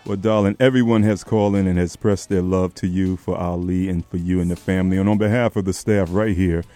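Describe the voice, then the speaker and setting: A man's voice: sits low, brisk. A man hosting a live radio tribute call-in, talking affectionately and calling his callers baby and darling. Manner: affectionate, lively, calls people baby and darling. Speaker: radio host.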